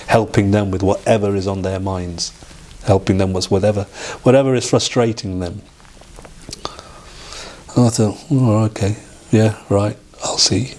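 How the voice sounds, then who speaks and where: A middle-aged man, an interview guest telling a personal story in a halting way, with restarts and acted-out quoted dialogue. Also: fairly low pitch, a little mellow, a little hiss or hum.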